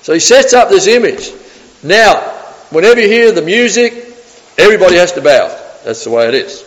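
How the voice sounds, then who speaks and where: Animated preacher, man, echoing hall. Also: sits high, a little fast. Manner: animated, acts out the story in character voices. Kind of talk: sermon. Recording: long reverb of a hall.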